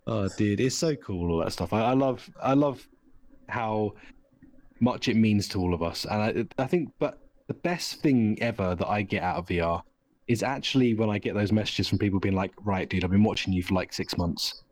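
A man hosts a casual podcast chat, his voice sitting on the low side. He talks in long, eager runs, clearly excited by what he describes. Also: moderate pace. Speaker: podcast host.

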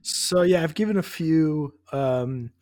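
A man's voice: fairly high pitch, takes it slowly, a little mellow, no echo. A man co-hosting a podcast, talking thoughtfully about films with some hesitation and self-deprecating humour. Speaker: podcast co-host. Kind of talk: casual chat.

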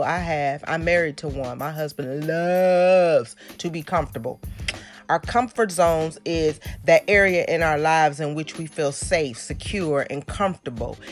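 A woman minister hosting a devotional podcast, telling a fable and preaching in a storytelling manner. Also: low-pitched.

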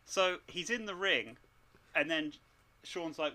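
A man taking part in a casual podcast game, telling his story in an animated, vivid way. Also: on the high side, measured pace.

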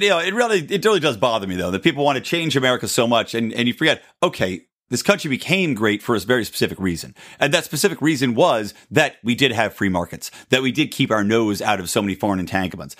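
A man hosting his own podcast, talking through his opinions in a sarcastic, animated solo monologue and laughing at his own jokes. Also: mid-range voice. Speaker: podcast host.

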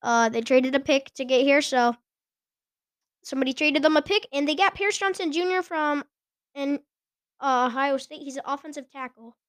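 High-voiced chatty woman podcaster. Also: normal speed, fairly bright tone, dry recording, clean studio sound. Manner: chatty, giggly, stumbles over names. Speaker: podcast host. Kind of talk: casual sports chat.

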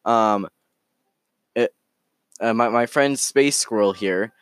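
A man's voice: fairly low pitch, slow, clean tone, no echo. A man voicing an ancient, indignant talking minnow who speaks in a pompous, stammering way.

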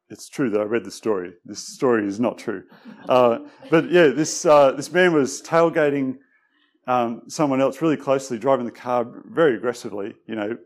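A man preaching in an easy, conversational way into a microphone. He hesitates often with fillers and his voice sometimes sinks quiet, at a mid pitch. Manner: relaxed, hesitant, many fillers; tends to drop quiet. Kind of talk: conversational sermon.

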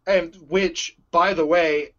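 A man in casual conversation about a superhero movie, excitable and gushing, often laughing. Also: a little high, takes it slowly, lo-fi sound. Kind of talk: casual movie review chat.

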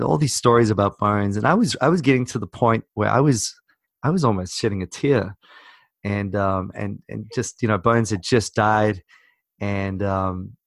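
A man's voice: fairly low pitch, gravelly, no echo, clean studio sound. A South African man telling a long story in casual chat on a video call, rambling with many restarts. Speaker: podcast co-host.

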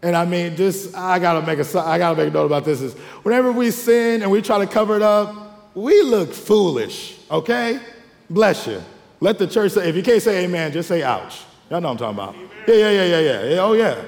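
A male pastor, preaching a lively sermon with call-and-response asides and acted-out quotes. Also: sits high, a little fast, vocal fry. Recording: long hall reverb.

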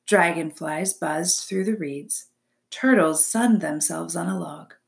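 A woman narrating a children's novel aloud with expressive storytelling. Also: fairly low pitch, slow, vocal fry.

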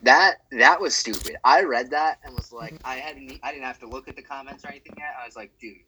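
A man co-hosting a sports podcast, talking casually in a ranting, profane and animated way. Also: medium pitch, a little fast, poor audio. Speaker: podcast co-host.

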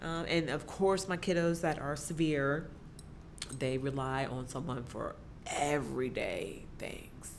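A woman's voice: low-pitched, takes it slowly, slight background noise. A woman, a special education teacher speaking as a podcast guest, talking animatedly and laughing often. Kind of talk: conversational podcast interview.

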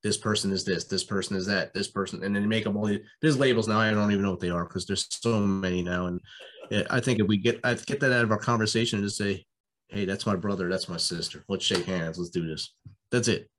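A man, a military veteran guest, talking in an easygoing, relaxed way in a casual conversation. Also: fairly low pitch, fast talker.

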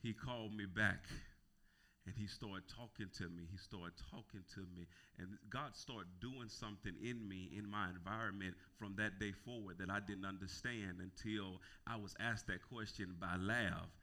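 Bright-voiced preacher man. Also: fairly low pitch, fairly even intonation, moderate pace. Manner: call-and-response preaching that builds to shouting; repeats words and restarts phrases. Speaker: pastor. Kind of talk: sermon.

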